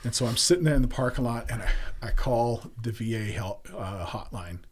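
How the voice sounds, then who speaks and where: A man's voice: mid-range voice, fairly quick, breathy edge. A middle-aged man telling a personal story as a podcast guest, candid and earthy, growing emotional as he speaks.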